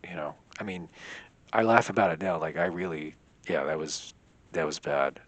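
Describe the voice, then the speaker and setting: A man's voice: very deep voice, a bit bright, husky. A young man telling a rambling personal story in a casual vlog, leaning heavily on filler words. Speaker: vlogger.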